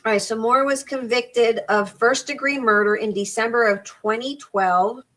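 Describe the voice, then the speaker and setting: A woman's voice: on the high side, moderate pace, a bit bright, poor audio. A middle-aged woman hosting a crafting live stream, chatting casually and rambling as she repeats and restarts words. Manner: reads crafting measurements aloud. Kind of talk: casual chat while crafting.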